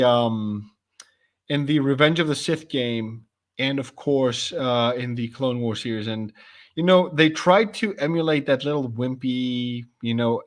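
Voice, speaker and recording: A man talking casually and enthusiastically, with the odd curse word. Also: mid-range voice. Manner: enthusiastic, profane fan talk. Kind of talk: casual chat.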